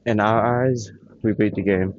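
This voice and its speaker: A man with a lowish voice chats about games while still catching his breath, rambling and thinking aloud with pauses. The audio is a bit dull and lo-fi. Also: fairly even intonation, slight background noise. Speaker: vlogger. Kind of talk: casual chat about games.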